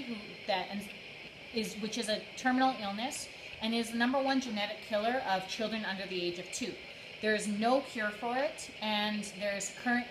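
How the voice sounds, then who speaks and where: A young woman, out of breath from running, chatting casually on a livestream and greeting viewers by name. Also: mid-range voice. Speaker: livestream host training for a charity run. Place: indoors on a treadmill. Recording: echoey room with faint noise.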